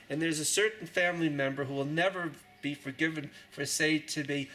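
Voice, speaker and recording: A man's voice: fairly high pitch, moderate pace, hardly any pauses, low-quality recording. A man in his sixties with a New York accent, a journalist rambling chattily through a casual tour of his exhibition, full of jokey asides. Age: 60s. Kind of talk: casual guided tour talk.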